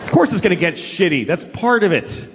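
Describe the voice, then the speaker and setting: A middle-aged man from New York doing a stand-up comedy set, telling stories with sudden high-pitched acted outbursts. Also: animated, fairly quick, a little hiss or hum. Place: comedy stage before a laughing audience.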